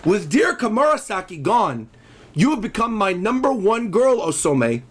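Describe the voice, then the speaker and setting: A man voicing a big, arrogant male cyborg villain who gloats in a slow, sneering way while reading a comic aloud. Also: high-pitched, big pitch swings, husky, exaggerated voice.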